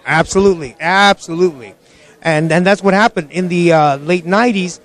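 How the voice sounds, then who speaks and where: A man being interviewed as a guest, a film director telling lively stories about his career. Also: sits high. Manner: animated storyteller, quick to laugh. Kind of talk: casual interview.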